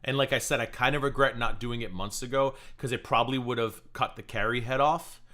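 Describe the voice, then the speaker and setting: A man's voice: mid-range voice, fairly even intonation, a little fast, sharp tone. An American man hosting a livestream, talking in a profane, mocking and combative way. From United States. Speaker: livestream host. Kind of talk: heated livestream commentary.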